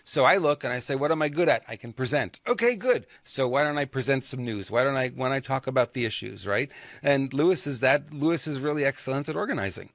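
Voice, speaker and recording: A man's voice: medium pitch, animated, fast, vocal fry, fairly bright tone, no echo. Male co-host, close dry sound, chatty and agreeable, laughs easily. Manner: affirms a lot, laughs at his own jokes, acts out dialogue when reading. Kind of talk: political talk show chat.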